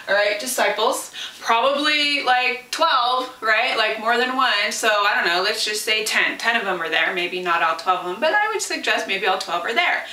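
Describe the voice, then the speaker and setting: A woman's voice: a little high, lively intonation, normal speed, few pauses, bright, forceful tone. Chatty woman teaching a Bible lesson. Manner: chatty, with many asides and rhetorical questions. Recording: roomy, from a distance.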